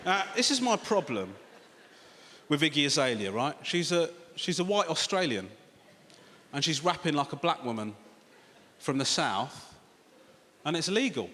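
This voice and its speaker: A man's voice: fairly high pitch, sing-song, normal speed, long pauses, fairly bright tone. A British man doing a sardonic, sweary stand-up comedy set, talking straight to the crowd from a large theatre stage. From Britain. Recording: reverberant theatre with audience noise.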